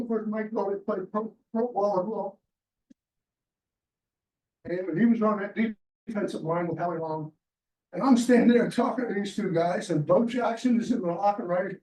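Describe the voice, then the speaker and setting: In a restaurant meeting room, a chapter member with a high, slightly mellow voice rambles through a sports anecdote for a small club group, quoting the people involved as he retells their dialogue. The recording sounds roomy, picked up by a distant mic.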